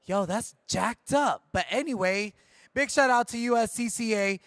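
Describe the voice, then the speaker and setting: A man hosting at a live conference stage, giving loud, playful shout-outs and jokes like a hype man. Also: high-pitched, normal speed, no echo, studio quality. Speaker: event host.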